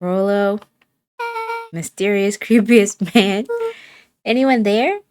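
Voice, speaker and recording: A woman's voice: medium pitch, slow pace, darkish tone, slight background noise. A woman streamer reading game character dialogue aloud in a playful way, changing her voice for each character. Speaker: let's play streamer.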